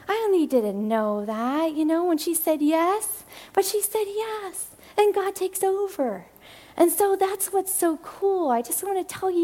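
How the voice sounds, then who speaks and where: A woman's voice: high voice, a little mellow. A woman who directs a church's family and children's ministry gives a chatty talk to the congregation, laughing often and acting out the voices she quotes. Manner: rushed bursts of speech with restarts.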